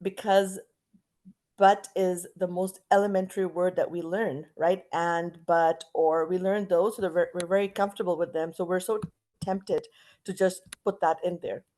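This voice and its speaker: Lowish-voiced canadian-raised lady teaching english online, chatty, lots of slow drawn-out examples. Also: steady tone, darkish tone, poor audio. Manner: chatty, models intonation with drawn-out words and pauses.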